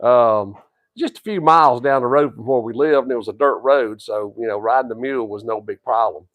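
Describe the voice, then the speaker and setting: A man's voice: mid-range voice, fairly quick, no echo. Folksy grandpa in his sixties. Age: 60s. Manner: drawling, rambling tall tale with a deadpan punchline. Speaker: co-host, grandfather. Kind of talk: folksy storytelling and casual wrestling chat.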